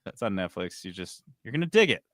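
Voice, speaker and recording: A man co-hosting a gaming podcast in casual chat, animated and swearing freely as he tells stories. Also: deep voice, quick pace, no room sound, studio quality. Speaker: podcast co-host.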